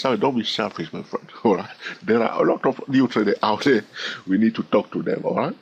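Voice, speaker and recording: A man's voice: medium pitch, expressive, normal speed, slightly rough. A man teaching a chart lesson, counting waves aloud and often checking in with "all right?". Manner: repetitive, keeps asking "all right?"; counts wave numbers aloud in a sing-song way. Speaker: trading instructor.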